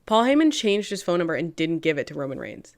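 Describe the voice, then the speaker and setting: A woman co-hosting a podcast in casual chat, animated, laughing often and swearing freely. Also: low-pitched, quick pace. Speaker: podcast co-host.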